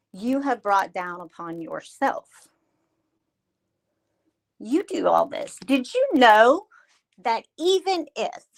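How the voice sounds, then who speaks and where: Slow, mocking woman streamer. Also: fairly high pitch, poor audio. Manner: mocking, sarcastic, addresses a rival directly. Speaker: livestream host. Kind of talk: ranting commentary livestream. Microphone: streaming mic.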